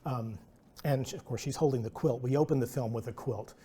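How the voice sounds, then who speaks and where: A man's voice: medium pitch, brisk, dark tone, slightly rough. A man giving a casual artist talk, rambling and self-deprecating, full of restarts and asides. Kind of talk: presentation talk with anecdotes.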